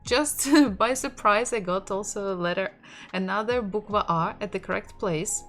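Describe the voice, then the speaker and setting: A woman with a Russian accent teaching an online language lesson in English, explaining patiently and laughing softly now and then. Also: mid-range voice, moderate pace. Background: soft lo-fi music.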